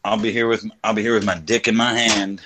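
A man's voice: on the low side, flat delivery, quick pace, a crowd in the background. A man co-hosting a podcast, talking in a crude, joking, self-mocking casual chat. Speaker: podcast co-host.

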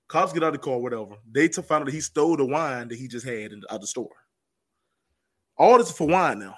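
A man telling a story as a podcast guest, animated, and repeating phrases for emphasis. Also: medium pitch, a little fast. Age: adult with children. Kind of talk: casual storytelling.

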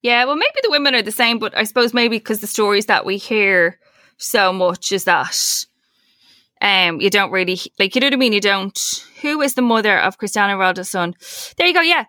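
A woman's voice: medium pitch, moderate pace, bright, forceful tone, no room sound. A woman co-hosting a casual podcast chat, jokey and swearing freely.

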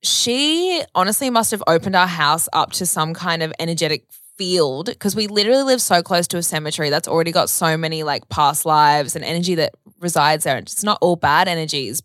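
Woman, twenties, rambling storyteller, casual swearing, lower pitch. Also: expressive, fairly quick, a bit bright, no room sound, studio quality. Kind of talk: casual chat.

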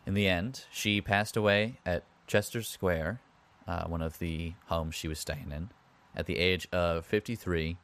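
A man's voice: sits low, a bit bright. A man hosting a podcast, retelling history in a casual way with wry asides and conversational comments. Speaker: podcast host.

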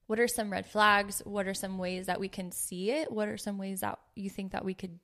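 Earnest woman host with vocal fry. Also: medium pitch, steady tone, moderate pace, pushed and bright. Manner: earnest, playful, reads scripture aloud. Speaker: podcast host. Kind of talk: casual faith podcast chat.

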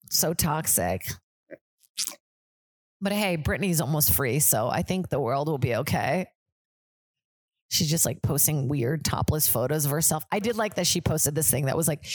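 A woman comedian chatting casually on her podcast, her voice sitting a little low for a woman. She rambles in loose, profane tangents and breaks into laughter often. The sound is dry and close, with no room around it. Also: expressive, moderate pace, breathy edge, dry recording. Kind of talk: casual chat.

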